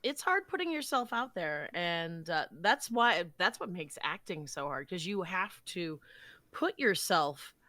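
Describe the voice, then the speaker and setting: A woman's voice: lowish voice, very animated, a little slow, bright, forceful tone, dry recording. A woman hosting a casual podcast chat, talking in a reflective, thoughtful way. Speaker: podcast host.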